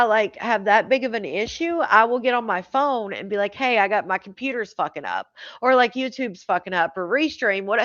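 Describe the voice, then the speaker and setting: A woman's voice: on the high side, a bit bright, no echo, highs cut off. A woman hosting a live stream, chatting casually to her viewers, swearing freely and laughing often.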